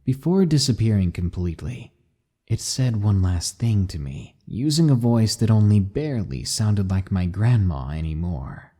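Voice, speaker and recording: A man narrating scary stories in a measured, dramatic reading style. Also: on the low side, expressive, dark tone. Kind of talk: scripted horror narration.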